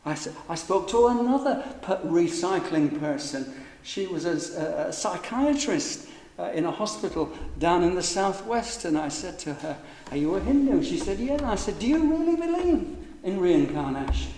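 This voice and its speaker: A man preaching a sermon, emphatic and full of rhetorical questions, stretching some words out slowly for stress. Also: high voice, big pitch swings, a little mellow. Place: church. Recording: echoey church hall with long reverb.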